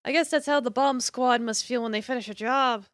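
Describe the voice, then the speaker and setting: A woman's voice: on the high side, brisk, fairly bright tone, no echo, clean studio sound. A young woman streamer chatting casually and playfully with her viewers, often laughing. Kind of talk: casual live-stream chat while playing a game.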